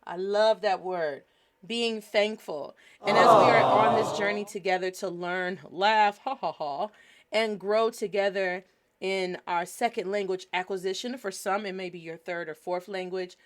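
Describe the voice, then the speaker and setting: A woman's voice: medium pitch, steady tone, unhurried. A woman hosting a casual teaching podcast, upbeat and playful, spelling words out and coaching her listeners. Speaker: podcast host and language teacher.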